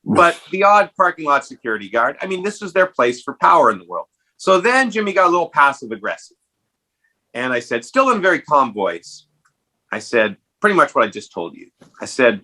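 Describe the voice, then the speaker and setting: A man hosting a casual podcast chat, telling a story animatedly and jumping up in pitch when acting out quotes. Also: big pitch swings, a little fast, pushed and bright, low-quality recording. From Canada. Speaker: podcast host.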